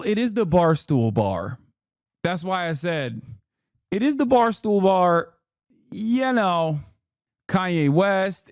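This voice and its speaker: A man giving casual livestream commentary on the news, excitable and profane, swinging into high, incredulous outbursts. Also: dry recording, studio quality. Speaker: streamer reacting to news.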